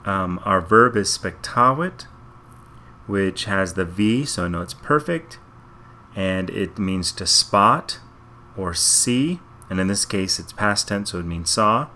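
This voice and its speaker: A man's voice: low voice, animated, takes it slowly, sharp tone, slight background noise. A man teaching Latin, working through a reading passage sentence by sentence and thinking aloud in a methodical way. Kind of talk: slow step-by-step translation walkthrough.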